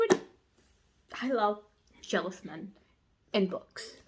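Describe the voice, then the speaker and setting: A woman chatting casually in a reading vlog, gushing excitedly about a romance novel and swearing freely. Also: fairly high pitch, moderate pace, long pauses, a little hiss or hum. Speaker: book vlogger.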